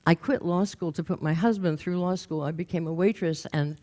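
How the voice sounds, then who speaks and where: A woman's voice: lowish voice, a little fast, dark tone, close to an everyday voice. An older woman voicing a downtrodden divorced woman who speaks hesitantly and trails off in resignation. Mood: resigned.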